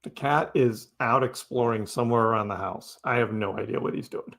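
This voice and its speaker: A man hosts a live crypto stream and keeps up a loose, chatty back-and-forth with his viewers. His voice sits at an ordinary middle pitch and has a gravelly edge to it. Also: a little fast. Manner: chatty, answers chat messages out loud. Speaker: crypto livestream host. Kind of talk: casual livestream chat with viewers.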